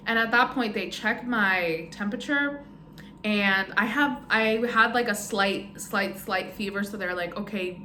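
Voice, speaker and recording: Speaking in a medium-pitched, somewhat bright voice, a young woman vlogger tells her birth story in a loose, casual way. Her talk rambles with many fillers like "um" and "like," over roomy echo and slight background noise.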